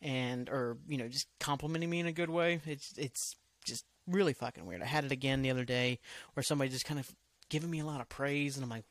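A man's voice: a little high, a bit bright, dry recording. A man hosting a solo podcast, rambling from topic to topic in loose, profane talk that often trails off. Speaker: podcast host.

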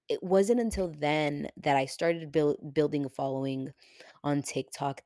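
This young woman hosts her own podcast, and her low voice comes through studio-clean with no room sound. Her casual solo monologue is animated and chatty, packed with "like" and curse words, and she grows emotional to the point of nearly crying.

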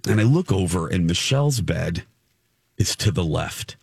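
A man's voice: low-pitched, lively intonation, moderate pace, gravelly, darkish tone, husky, no echo. A middle-aged man telling a rambling story in a casual chat, often correcting himself.

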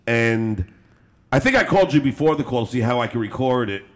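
A man hosting a podcast, telling a story in a laughing, rambling, animated way with swearing and restarts. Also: mid-range voice, brisk. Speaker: podcast host. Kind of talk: casual storytelling chat.

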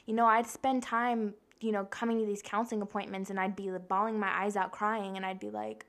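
A woman's voice: medium pitch, fairly even intonation, fast talker. A young woman hosting a casual self-help podcast, blunt and profane, talking straight to her listeners and acting out the voices she quotes. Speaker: podcast host.

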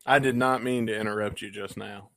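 Jokey podcast co-host. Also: male voice, on the low side, fairly even intonation, brisk, a bit bright. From United States. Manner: jokey, teasing, playful. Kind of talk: casual chat.

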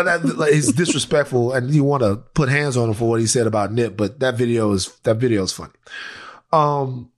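A male podcast co-host from Louisiana telling a story in casual, animated chat, swearing freely. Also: mid-range voice.

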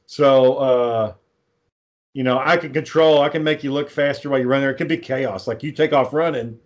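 Rambling, profane man pitching a film. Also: steady tone, moderate pace, dull audio. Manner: rambling, profane, acts out quoted lines. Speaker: amateur filmmaker pitching a script. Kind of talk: casual chat.

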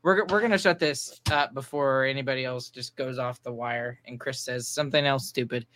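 Young guy hosting a podcast, bright voice, laughs a lot, dry close mic. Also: mid-range voice, moderate pace, dry recording. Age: young adult. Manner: laughs easily, loose rambling delivery. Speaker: podcast host. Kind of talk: casual chat.

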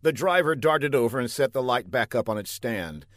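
A man narrating a comic story with a deadpan, pun-heavy delivery. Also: medium pitch, normal speed, no room sound, clean studio sound.

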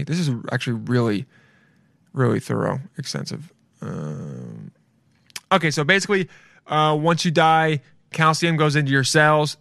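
A man giving casual reaction commentary, rambling and excitable, calling people "dude" and swearing freely. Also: medium pitch, gravelly, no room sound, clean studio sound. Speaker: video reaction host.

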